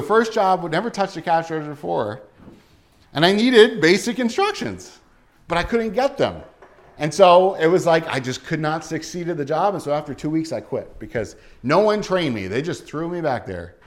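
A man in his forties preaches with a lively, swooping delivery, climbing high whenever he acts out a voice. His voice sits a little above the usual male range, and he from New Jersey tells his stories in a loose, conversational way. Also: normal speed. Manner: animated storytelling with acted-out quotes. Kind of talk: sermon.

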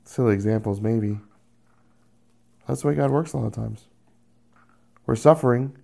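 A male preacher with a gravelly, creaky edge to his voice delivers a sermon straight to his listeners. He slips into little acted-out voices and lingers on long, savoring "mm" sounds. His pitch sits in an ordinary middle range. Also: dark tone. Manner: acts out quoted voices, drawn-out "mm" sounds.

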